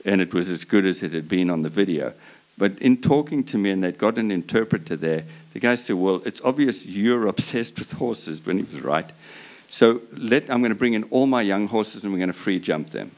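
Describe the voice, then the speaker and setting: Man, very deep voice, breeder on a panel, earnest storytelling, passionate, restarts sentences. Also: animated, moderate pace, a little mellow. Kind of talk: storytelling at a live talk.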